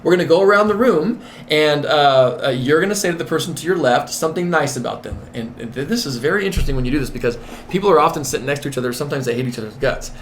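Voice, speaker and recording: A man's voice: mid-range voice, expressive, rapid-fire, few pauses, slight background noise. Emphatic man, manager and coach. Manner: emphatic and repetitive. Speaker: nurse manager and executive coach. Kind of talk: interview.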